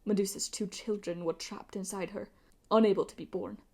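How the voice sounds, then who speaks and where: A sharp, defiant teenage girl who speaks up in a raised, pointed voice, read by a woman. She sounds quick and unimpressed. It comes from a home-read storybook. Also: mid-range voice, fairly even intonation, close to an everyday voice.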